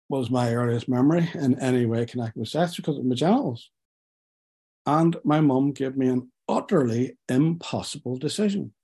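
A man giving a personal testimony about his life, speaking in a halting, reflective way with many pauses and restarts. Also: mid-range voice, warm tone, breathy edge.

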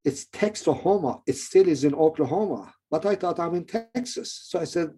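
A middle-aged man with a non-native English accent, telling his own story in a rambling, halting way with many restarts. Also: on the high side, expressive. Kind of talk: personal testimony.

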